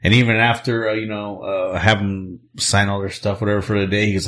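A man's voice: fairly low pitch, fairly even intonation, brisk, few pauses, fairly bright tone. A man in casual chat, telling work and beer stories in a laid-back, filler-heavy way.

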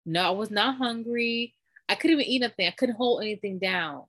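A woman chatting casually, recounting a story with animated delivery and acting out what people said. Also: on the high side, fairly quick, no echo. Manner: animated storytelling, acts out quoted voices. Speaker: storyteller recounting giving birth. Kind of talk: casual chat.

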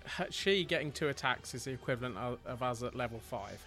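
A man's voice: medium pitch, expressive, a little fast, a bit bright, faint music behind. A man playing a tabletop game, talking bluntly and casually with some swearing. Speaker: player.

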